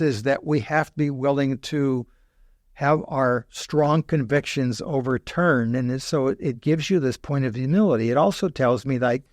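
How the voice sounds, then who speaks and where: A man's voice: mid-range voice, no echo, studio quality. An older man, a guest scholar in a podcast interview, speaking thoughtfully with many restarts and asides.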